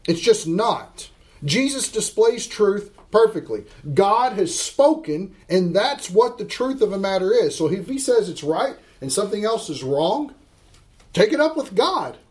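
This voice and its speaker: High-voiced man teaching a Bible class. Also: big pitch swings. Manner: emphatic, slows down to stress scripture, asks the class questions.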